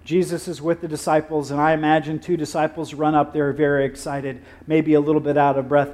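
A male pastor preaching a sermon, telling stories with acted-out quotes and dramatic pauses. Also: a little high, flat delivery, darkish tone.

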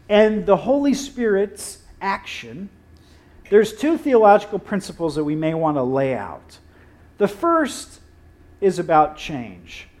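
A male pastor preaching a sermon, telling stories with acted-out quotes and dramatic pauses. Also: high voice, darkish tone.

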